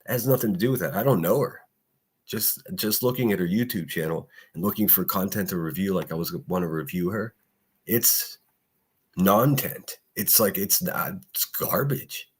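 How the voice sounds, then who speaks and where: This Pittsburgh-area livestream host speaks at a normal speed in a low, slightly breathy voice. On his casual morning stream he rants with blunt, heavy profanity, breaks into laughter, and reads messages from chat.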